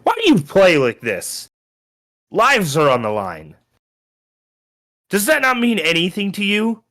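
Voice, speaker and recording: A man puts on a high-strung soldier of a noble alliance, pitched up and loud, his voice swinging wildly as he scolds. He is anxious and quick to anger, a figure in a tabletop game. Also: expressive. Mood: furious. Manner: agitated, scolding. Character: frustrated male soldier of a noble alliance, anxious and hot-tempered.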